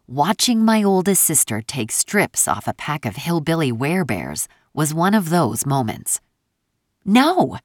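Low, expressive woman narrating a story. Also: no room sound, clean studio sound. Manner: wry, expressive first-person storytelling. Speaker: audiobook narrator. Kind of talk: scripted audiobook narration.

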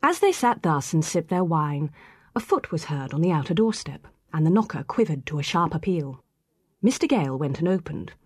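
Woman narrator, classic novel audiobook, measured reading, slightly low voice, dry close recording. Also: big pitch swings, slightly rough, no room sound.

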